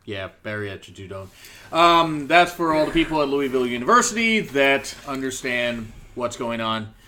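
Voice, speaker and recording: A man hosts a casual wrestling review. He rambles, cracks jokes and fills his pauses with ums. His voice sits at an ordinary, middle pitch. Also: big pitch swings, bright, forceful tone, a little hiss or hum. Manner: rambling, joking, trails off with ums. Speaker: podcast host.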